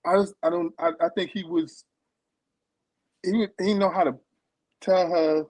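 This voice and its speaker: A man's voice: high-pitched, fairly even intonation, measured pace, darkish tone, no echo, poor audio. A man hosting a casual live-stream chat, talking emphatically and repeating words as he stumbles over his thoughts. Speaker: host reviewing a reality show.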